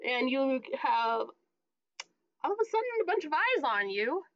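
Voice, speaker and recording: A woman's voice: sits high, big pitch swings, a little slow, no room sound. A woman game master narrating a tabletop game in a casual, offhand way. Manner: casual, describing scenes offhand. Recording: dry, dull lo-fi mic.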